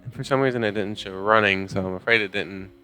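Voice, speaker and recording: A man's voice: on the low side, fast talker, sharp tone, clean tone, soft background music. A man casually commenting on a game as he plays, joking and rambling in self-deprecating asides. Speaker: gamer reading game text aloud. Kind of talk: casual let's play commentary.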